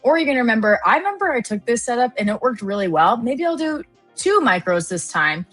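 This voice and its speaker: A woman's voice: on the high side, sing-song, fairly quick, fairly bright tone, rough recording. A woman co-hosting a live trading stream, giving advice in a casual, joking way. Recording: faint music in the background.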